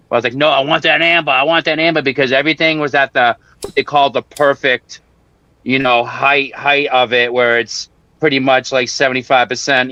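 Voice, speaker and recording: A man chatting casually and profanely, rambling through a story and putting on quick mock voices. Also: mid-range voice, pushed and bright, dry recording. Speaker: guest on a home-grow talk stream. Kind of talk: casual chat. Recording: dull, dry lo-fi audio.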